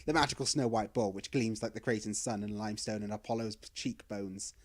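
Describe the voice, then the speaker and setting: A man's voice: fairly low pitch, brisk, natural voice. A man voicing a smug, laid-back male sea god who teases in an offhand way.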